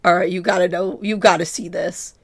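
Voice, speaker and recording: A woman's voice: lowish voice, level tone, brisk, breathy edge. A woman in her twenties streaming and chatting casually, giggly and self-mocking, her voice strained from illness. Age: 20s. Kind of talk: casual chat with chat.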